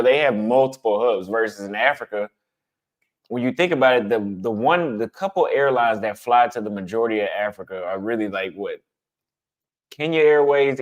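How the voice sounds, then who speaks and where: A blunt, conversational man talking casually to his viewers. His voice sits a little low, and he leans on repetition to drive his points home. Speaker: travel vlogger answering chat. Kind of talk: casual livestream chat.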